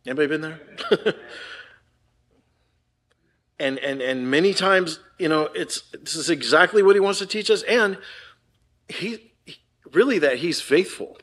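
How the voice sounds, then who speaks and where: A man's voice: a little high, animated, unhurried, pauses often, fairly bright tone. Older male preacher, conversational sermon. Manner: conversational preaching, frequent "right?" and "man". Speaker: pastor.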